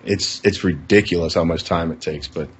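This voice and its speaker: A man co-hosting a podcast in casual chat, halting and repeating words, laughing often. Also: deep voice. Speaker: podcast co-host. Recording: dull lo-fi podcast audio.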